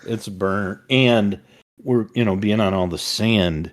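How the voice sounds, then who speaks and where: An older man talks in a very low, deep voice. He rambles through casual family chat, circling back with fillers and restarts. He is a father co-hosting a podcast with his son. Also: a little slow. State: recovering from a summer cold.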